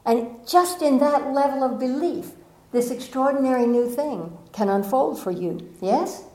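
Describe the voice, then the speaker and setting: Woman motivational speaker, higher voice, animated storyteller, roomy echoey sound. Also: unhurried. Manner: storytelling, animated, playful asides. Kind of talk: inspirational talk to a live audience. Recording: echoey room.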